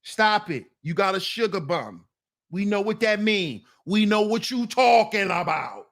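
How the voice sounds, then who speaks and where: High-voiced scolding man ranting. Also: animated, unhurried, a bit bright. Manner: blunt, scolding, talks back to viewers. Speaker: commentary channel host. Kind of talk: casual commentary rant.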